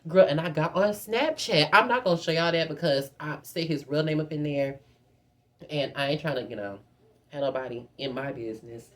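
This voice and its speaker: A woman's voice: low voice, normal speed. A young woman vlogger telling a dramatic, profane storytime straight to her viewers. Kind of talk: casual storytime.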